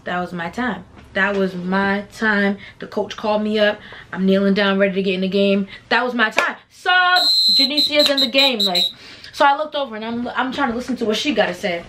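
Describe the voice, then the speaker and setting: A young adult woman vlogger telling a casual storytime, slangy and animated, acting out the voices of people in the story. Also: medium pitch, brisk, slight background noise.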